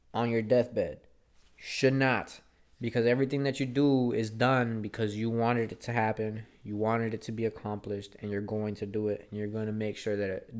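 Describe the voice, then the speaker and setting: A man's voice: lowish voice, clean tone. Earnest rambling young man, casual swearing. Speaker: vlogger. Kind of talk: casual monologue.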